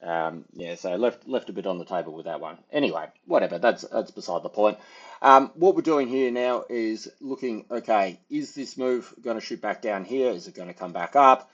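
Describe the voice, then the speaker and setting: A man's voice: fairly low pitch, lively intonation, moderate pace, slightly rough, dull audio. A man, giving casual, rambling market commentary as a trader, full of fillers and hedges. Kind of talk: casual market analysis over charts.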